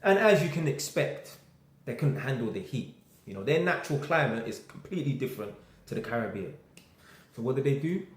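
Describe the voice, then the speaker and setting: A man's voice: medium pitch, very animated, brisk. A man talking casually to the camera in an emphatic way, stretching out words for effect. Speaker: commentator. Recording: roomy echo.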